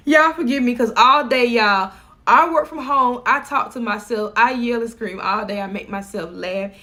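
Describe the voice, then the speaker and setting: A woman's voice: a little high, measured pace, sharp tone. A middle-aged woman vlogging from home, chatting casually and laughing as she talks to her viewers.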